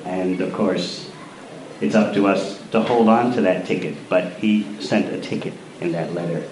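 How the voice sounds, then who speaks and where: A man at a devotional gathering, telling a story to the assembly in an informal, halting way. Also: low-pitched. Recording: distant voice in a very echoey hall with noise.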